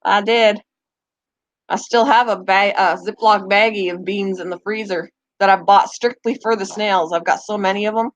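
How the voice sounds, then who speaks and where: A woman's voice: mid-range voice, steady tone, normal speed, no echo. A woman hosting a pet channel in a rambling, casual live chat. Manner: chatty, rambling, talks to her pets in between.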